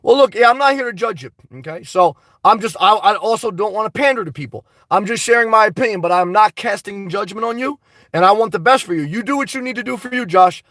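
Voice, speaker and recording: High-voiced boisterous man on a live stream. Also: expressive, fast, fairly bright tone, dry recording. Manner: boisterous, blunt and profane. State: slightly congested. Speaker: vlogger reading live chat. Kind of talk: casual live-stream chat.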